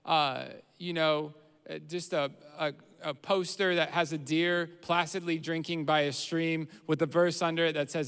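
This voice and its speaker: High-voiced preaching man in a hall. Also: steady tone, moderate pace, a bit bright, clean tone. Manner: earnest preaching, rises in volume on quoted prayers. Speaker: pastor. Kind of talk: sermon. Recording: roomy hall reverb.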